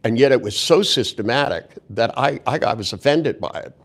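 A man's voice: medium pitch, expressive, moderate pace, slightly rough. An older man telling a story in a rambling, casual way, blunt and profane, with crude jokes and many restarts.

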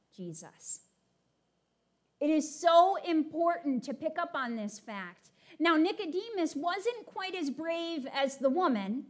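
A woman preaching a sermon, animated as she paraphrases and reads scripture to her congregation. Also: high voice.

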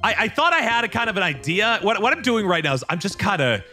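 A man's voice: sits high, big pitch swings, fast talker, pushed and bright. A young man chatting casually during a gameplay build, hesitant and rambling as he searches for his words. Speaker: Minecraft build-battle player.

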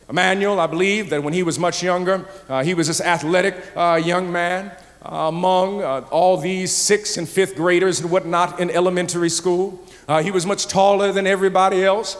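A male pastor preaching a sermon, telling a story with many "uh" fillers and building to shouted, impassioned preaching in a large church. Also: sits high. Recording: long church reverb, faint music.

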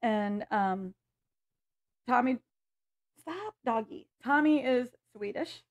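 Chatty American woman, slightly high voice. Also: animated, slow pace. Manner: chatty, musing, trails off into fillers and restarts. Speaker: reaction channel co-host. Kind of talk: casual chat.

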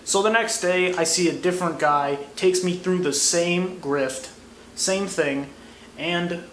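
A man's voice: high-pitched, slow pace, a bit bright. A young American man giving a crude, sarcastic comedy monologue. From United States. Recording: echoey room, faint noise.

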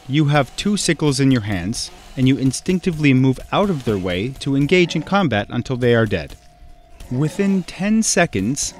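A man reads a scripted video essay in a mid-pitched voice. He keeps a measured, explanatory pace and talks straight to the viewer.

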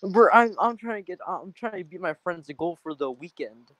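High male caller, fast and excitable, dry close voice-chat sound. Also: no room sound. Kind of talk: casual voice-chat banter.

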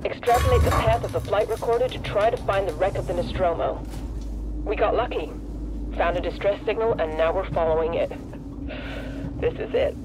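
A man's voice: high-pitched, moderate pace, lightly acted, rough recording. An actor playing a tired male salvage ship captain recording a hopeful, reflective log entry. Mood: weary hopeful. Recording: loud static-hissing audio log.

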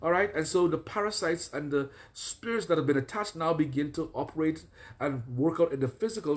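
A man preaching a deliverance sermon as a prophet, listing troubles in repeated phrases and then commanding prayers. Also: a little high. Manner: repetitive, declaring and commanding prayers.

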